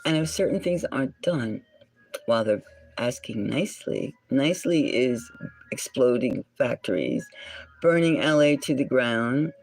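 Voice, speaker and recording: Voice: mid-range voice, lively intonation, measured pace, vocal fry, a little mellow, rough recording. A tarot reader and channel host giving a solo reading in a musing way, often dropping into a whisper and stopping to correct words.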